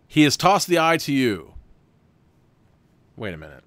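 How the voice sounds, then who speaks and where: Lively rambling man hosting a gamebook stream. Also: a little high, a little slow, pauses often. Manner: casual, rambling, laughs often. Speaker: game host reading a gamebook aloud. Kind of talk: livestream gamebook narration with chat votes.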